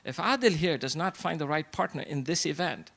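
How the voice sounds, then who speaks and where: A man's voice: a little high, lively intonation, fairly quick, creaky, a bit bright. A middle-aged man giving a motivational speech to a live audience at a business networking event, asking rhetorical questions and repeating short punchlines. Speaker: event speaker. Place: event hall before an audience.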